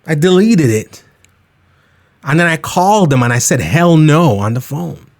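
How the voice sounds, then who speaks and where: A man hosts his own podcast in a loose, emphatic rant. His voice sits a little high for a man, and he talks casually. He leans hard into each complaint. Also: moderate pace. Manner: animated, emphatic, keeps it real. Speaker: podcast host. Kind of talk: comedic rant, casual talk.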